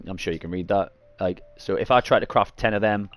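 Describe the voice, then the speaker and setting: Against faint music, a man with a fairly low pitch talks fairly quickly. The gaming streamer casually leads viewers through play, drifting and correcting himself, with coughs and throat clearing from eating garlic constantly interrupting.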